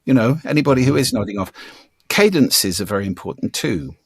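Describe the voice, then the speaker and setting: An older man as an interview guest, explaining ideas in a demonstrative way and playing with his pitch and volume to show his points. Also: lively intonation, brisk, vocal fry, breathy edge, dry recording, clean studio sound. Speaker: guest, speaking coach. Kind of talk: conversational interview.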